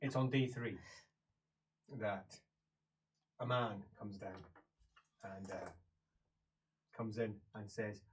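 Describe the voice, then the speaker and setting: A woman's voice: extremely low pitch, slow pace, pauses often. A woman, narrating a tabletop game as game master, often laughing.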